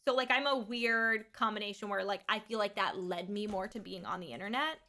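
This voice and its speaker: A woman's voice: medium pitch, fairly quick, pushed and bright. A woman in her thirties chatting casually on a livestream, rambling frankly about raising her son and swearing freely. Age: 30s. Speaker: streamer and mother.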